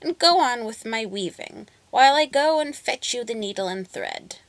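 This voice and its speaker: A woman doing a squeaky wicked witch. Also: expressive, normal speed, no room sound. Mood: falsely sweet. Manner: squeaky and falsely sweet. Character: wicked old witch who eats children.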